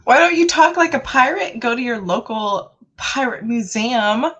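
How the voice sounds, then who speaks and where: A woman's voice: a little high, animated, normal speed, a bit bright, muffled recording. A young adult woman co-hosting a casual morning show, upbeat and laughing often. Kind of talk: casual chat.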